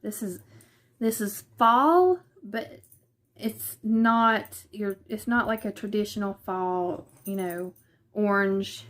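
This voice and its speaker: A woman's voice: medium pitch, slow pace, a bit bright. A woman with a Southern US accent chatting casually through a quilting unboxing in her living room, hesitant and thinking aloud as she goes. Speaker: vlogger.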